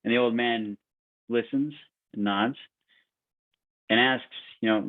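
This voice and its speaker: A man speaking as an agile coach at a meetup, telling an allegory with lots of halting restarts, on a video call. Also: medium pitch, steady tone, dry recording. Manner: halting, many fillers and restarts. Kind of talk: storytelling presentation. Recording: tinny lo-fi call audio, dry.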